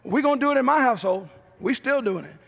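Animated and fast-talking, a middle-aged pastor preaches a sermon with a drawl, using emphatic storytelling and hammering his points through repetition. His high-pitched voice has a gravelly rasp and a slightly bright edge, echoing with long reverb across the church sanctuary.

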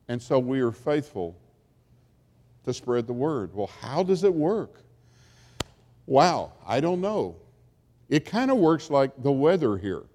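A man's voice: mid-range voice, very animated, measured pace, pauses often, darkish tone. A man preaching a sermon as a pastor, in a conversational storytelling way that acts out quotes. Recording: long hall reverb.

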